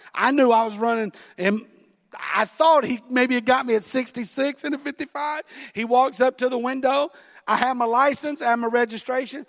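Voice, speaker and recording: A middle-aged man with a Southern American accent preaching a sermon, telling a story about himself with self-deprecating laughter. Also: very high voice. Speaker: pastor. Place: church sanctuary. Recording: long hall reverb.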